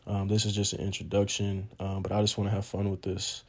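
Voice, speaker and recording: A man's voice: deep voice, completely flat delivery, a little fast. A young man hosting a solo podcast intro, talking casually and earnestly, admitting he is nervous, with lots of "um" and "man". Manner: earnest, informal, frequent "um" and "man". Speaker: podcast host.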